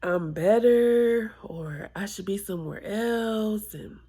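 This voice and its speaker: A tearful woman vlogging a personal confession, halting and reflective, with sighs and whispered asides. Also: mid-range voice, warm tone. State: tearful, close to crying.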